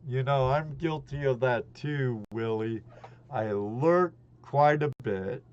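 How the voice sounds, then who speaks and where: A man's voice: medium pitch, takes it slowly, darkish tone, highs cut off. A man in his sixties hosting a casual live stream, rambling in a chummy way and greeting his chat viewers by name. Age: 60s.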